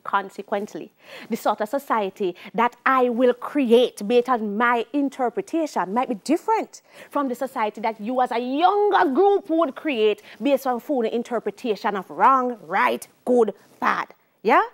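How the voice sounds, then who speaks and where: A middle-aged Jamaican woman teaching a sociology exam-prep lecture. She talks in a lively way and slips into patois when she tells stories. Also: a little high, unhurried. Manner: lively, shifts into patois for anecdotes.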